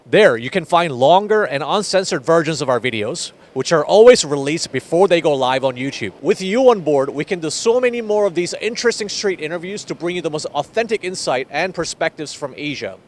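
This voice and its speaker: Male narrator, promo-style scripted read, pitched a little high. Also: expressive, fairly quick, hardly any pauses. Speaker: show narrator.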